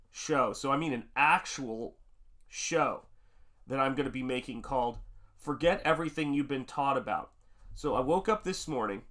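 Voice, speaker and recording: A man's voice: fairly high pitch, bright, forceful tone. An upbeat American man hosting a live painting stream, greeting viewers from the chat by name with casual fillers. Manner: upbeat, reading out chat names with frequent fillers. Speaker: livestream host and painter.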